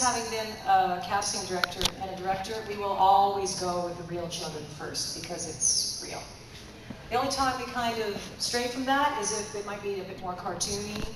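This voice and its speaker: A woman voice actor and director answering questions at a convention panel in an animated, playful way. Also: mid-range voice. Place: large convention hall. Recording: echoey hall from far off, noisy.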